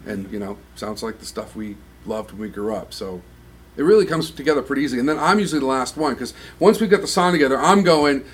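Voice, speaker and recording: A man's voice: mid-range voice, fast, husky. A middle-aged man, a band's singer, talking casually in an interview and acting out what his bandmates say. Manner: animated, acts out bandmates' remarks.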